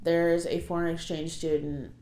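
A woman's voice: low voice, little pitch movement, moderate pace, mellow. A woman co-hosting a podcast, chatting casually and joking, with some swearing. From Ohio, USA. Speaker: podcast co-host. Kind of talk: casual chat.

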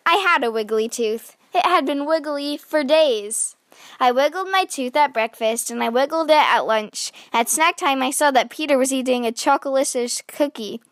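A woman's voice: sits high, moderate pace, dry recording, studio quality. A woman hosting a read-aloud, narrating a children's picture book expressively. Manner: bright, expressive storytelling. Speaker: host reading children's books.

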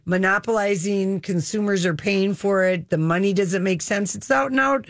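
A woman's voice: mid-range voice, moderate pace, no room sound, studio quality. A woman co-hosting a talk show, chatting casually and giving opinions emphatically. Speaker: co-host. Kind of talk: casual chat.

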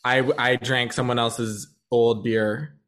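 A man's voice: mid-range voice, level tone, fairly bright tone. A young man chatting casually, telling candid stories with laughter. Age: young adult. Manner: candid, laughing, quick storytelling. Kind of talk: casual video chat.

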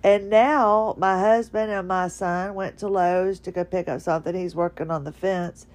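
A tired woman talks from her bedroom in a rambling, halting monologue full of restarts. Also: fairly low pitch, fairly even intonation, a little mellow. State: tired, drowsy. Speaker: podcaster. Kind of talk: casual personal monologue.

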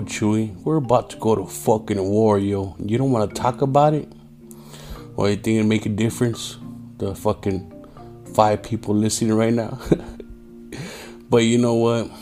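The host's voice is fairly low with a darkish tone, and he sounds tired on his casual one-man podcast. He talks profanely and streetwise, says "yo" constantly, and mimics angry drivers by raising his voice.

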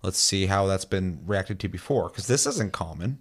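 A man's voice: deep voice, lively intonation, moderate pace. Profane ranting male podcast host. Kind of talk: casual gaming podcast chat.

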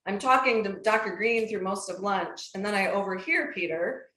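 Lively Minnesotan woman telling a story. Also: mid-range voice, moderate pace. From Minnesota, United States. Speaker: guest, professor. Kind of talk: storytelling in a casual interview. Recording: roomy echo.

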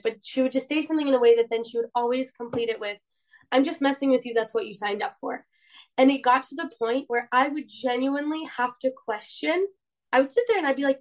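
A young woman from Poland shares a personal story, earnest and a bit rambling, leaning on "like" a lot. Her voice sits a little high for a woman. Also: low-quality recording. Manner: earnest, rambling, heavy use of "like". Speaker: guest.

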